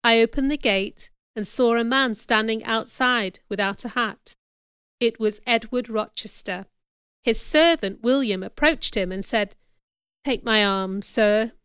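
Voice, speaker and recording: A woman reading a first-person story aloud in a measured, expressive narration. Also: fairly high pitch, clear, resonant tone, dry recording, clean studio sound.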